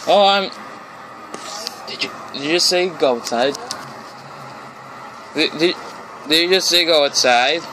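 A man plays a horror game alone in his room, his slightly high voice moving at an unhurried, drawn-out pace. He talks in jumpy, nervous bursts and repeats himself. A steady hiss of noise sits under the home recording. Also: low-quality recording. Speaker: let's play gamer.

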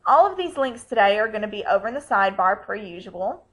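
A woman's voice: medium pitch, big pitch swings, fast talker, fairly bright tone, rough recording. A woman hosting a fan vlog, chatting casually in a bubbly, gushing way. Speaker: vlog host.

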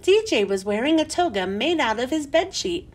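A woman reading a children's chapter book aloud, slow and expressive. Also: sits high.

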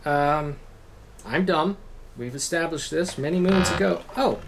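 A gaming channel host doing let's-play commentary, swearing and yelling at the game in frustration. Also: medium pitch, a little slow, creaky, a little hiss or hum.

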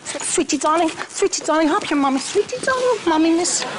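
A shrill, dotty fashion-mad mother coos and gushes in a high sing-song, as a woman plays her. Loud background noise runs under the amateur sketch recording. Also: animated, a little fast. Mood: cooing. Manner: repeats "sweetie darling" in a gushing sing-song. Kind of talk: amateur comedy parody sketch.

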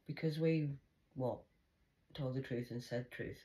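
Older woman, very deep voice, quiet bitter muttering, blunt monologue. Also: measured pace, low-quality recording. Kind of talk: confessional monologue.

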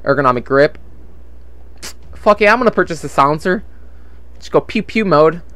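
A young man who hosts a gaming channel chats casually while playing, rambling, swearing often and sounding frustrated about money troubles. His slightly high voice is animated, bright and forceful at a normal speed, recorded with no echo on a desktop USB microphone at home.

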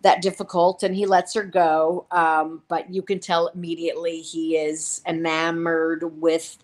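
A woman's voice: lowish voice, flat delivery, a little slow. A woman co-hosting a show, casually recapping TV episodes in a rambling way, full of fillers and quoted lines. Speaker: podcast co-host reviewing a TV series.

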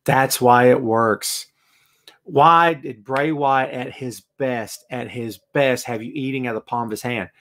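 A man hosting a wrestling talk show, ranting in an animated, excitable way and answering chat messages. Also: medium pitch, unhurried. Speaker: wrestling podcast host. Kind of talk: live show, reading chat comments.

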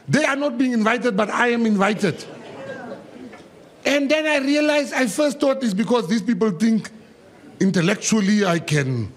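A South African man, a government minister, giving a humorous public speech full of joking anecdotes and emphatic quoted asides. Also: sits high.

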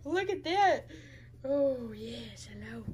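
High, lively woman teasing a puppy. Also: slow. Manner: teasing baby-talk with frequent laughter. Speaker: dog breeder vlogger. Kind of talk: casual talk to a puppy and viewers.

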